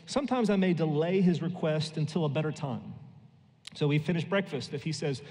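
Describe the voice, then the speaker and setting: An American man in his thirties preaching a sermon in a church, telling everyday stories in a conversational way with quick lively asides. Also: fairly high pitch. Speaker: pastor. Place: church sanctuary. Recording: long reverb in a church hall.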